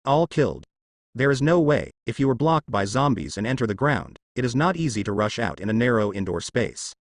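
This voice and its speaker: A man's voice: medium pitch, sing-song, a little fast, no room sound, studio quality. A man reading a cool young fighter. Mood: calm. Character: calm, confident young male fighter.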